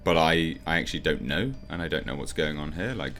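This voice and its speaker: A man's voice: extremely low pitch, lively intonation, brisk, fairly bright tone, soft background music. A man reviewing a movie trailer in casual reaction commentary, opinionated and rambling as he thinks aloud with frequent ums.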